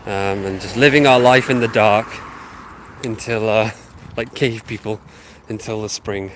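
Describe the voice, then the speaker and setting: Speaking at a measured pace with fairly even intonation, a man with a fairly low voice chats live to his viewers, slight background noise behind him. The sniffly channel host, who has a sinus infection, ums his way along while walking his dog through a housing estate, phone in hand.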